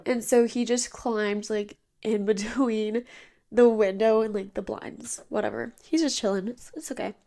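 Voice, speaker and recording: Young woman, 20s, chatty podcast host, slightly high voice, tired and nasal today. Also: fairly even intonation, unhurried, creaky, mellow. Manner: chatty, bubbly, lots of "like". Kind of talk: casual chat. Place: bedroom with blinds drawn.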